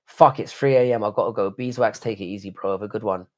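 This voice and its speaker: A UK man with a fairly low, darkish voice talks fast while hosting a late-night live stream. He rambles casually, swears often, and reads out chat messages to answer them.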